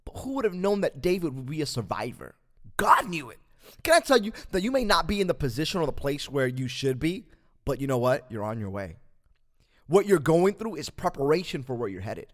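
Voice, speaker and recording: A man hosting a podcast, telling a Bible story as a motivational talk, with lots of fillers and animated asides. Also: fairly high pitch, fairly quick. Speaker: podcast host. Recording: long echoing reverb.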